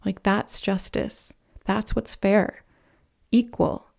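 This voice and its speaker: A woman giving a pick-a-card tarot reading, speaking in a gentle, earnest way that rambles a little, with soft laughs. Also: medium pitch, steady tone, takes it slowly, gravelly. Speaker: tarot reader.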